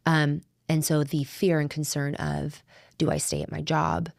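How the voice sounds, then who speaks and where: A middle-aged woman with a low, gravelly voice co-hosts a faith podcast. She talks in an earnest, heartfelt way and often circles back and restarts her sentences. The sound is dry and close, with little room echo. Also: little pitch movement, a little slow, a little mellow. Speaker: podcast co-host. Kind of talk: faith-based conversational podcast.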